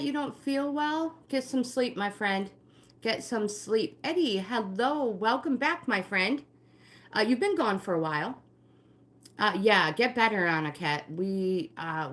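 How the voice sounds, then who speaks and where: A woman's voice: mid-range voice, unhurried. An older woman leading a live-streamed walking workout, giving friendly exercise cues and greeting viewers by name. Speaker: fitness instructor and livestream host.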